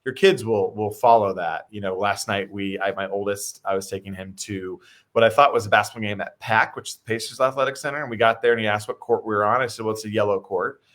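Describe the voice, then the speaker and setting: A man's voice: lowish voice, steady tone, fast, fairly bright tone. A middle-aged man hosting a conversation, telling a friendly anecdote about his family with casual fillers. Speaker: mayor and host.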